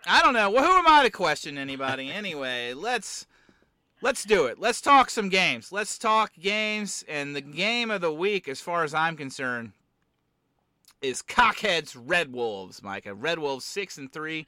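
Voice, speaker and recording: A man's voice: a little high, big pitch swings, a little slow, pushed and bright, clear, resonant tone, dry recording. A man hosting a casual sports chat, joking and wry as he rambles through the weekly moves. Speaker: podcast host. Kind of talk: casual fantasy football chat.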